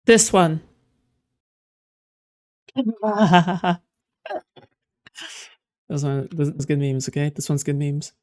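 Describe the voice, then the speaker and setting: A woman's voice: sits low, lively intonation, extremely slow, pauses often, darkish tone, dry recording, studio quality. A woman streaming casual reaction commentary, blunt and swearing freely, laughing often.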